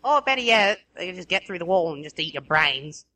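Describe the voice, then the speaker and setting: A woman's voice: on the low side, expressive, brisk, bright, forceful tone. A woman with an Australian accent, co-hosting a casual podcast chat, blunt and swearing freely as she tells her stories. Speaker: co-host.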